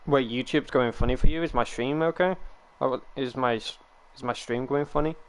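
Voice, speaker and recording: A man's voice: medium pitch, brisk. A man, chatting casually with stream viewers on a headset and rambling with frequent chuckles. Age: 20s. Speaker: livestreamer. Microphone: gaming headset.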